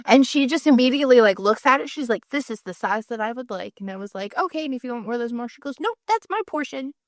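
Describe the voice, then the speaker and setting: A woman co-hosting a podcast in casual chat, telling stories lively and acting out the people she quotes. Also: on the high side, fast talker, no room sound, clean studio sound. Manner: animated storyteller, acts out quoted people. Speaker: podcast co-host.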